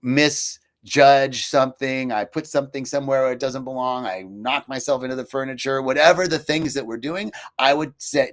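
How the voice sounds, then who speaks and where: A man's voice: medium pitch, moderate pace. A man gives a casual, personal talk in an ordinary mid-range voice. He speaks reflectively, stumbles and restarts now and then, and lifts his tone when he quotes others. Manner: reflective, personal storytelling with frequent fillers and restarts. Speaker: speaker for a healing retreat.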